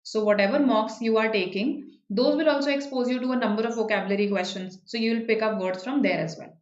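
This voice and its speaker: A woman with an Indian English accent speaks quickly in a somewhat high voice, recorded in an echoey room with the highs cut off. Running an online live exam-prep session, she answers students' questions, explains points, and keeps checking in with "okay" and "right."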